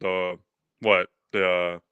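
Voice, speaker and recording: A man chatting casually as a guest on a live stream, relaxed and friendly. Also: sits low, slow pace, clean tone, narrow, tinny audio. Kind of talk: casual chat.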